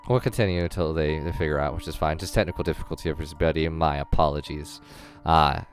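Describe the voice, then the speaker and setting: A man's voice: rumbling low, steady tone, fast talker, faint music behind. A man playing a tabletop game on a voice call, hesitant and apologetic, often stammering and restarting. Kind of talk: casual game chat with in-character asides.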